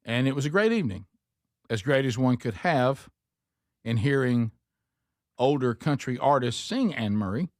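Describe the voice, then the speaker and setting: A man hosts a talk show, reading a listener's email aloud at a mid-range pitch. He breaks off now and then for wry asides to his co-hosts. The studio sound is close and dry, with no room echo. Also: expressive, moderate pace, pauses often. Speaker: radio talk show host.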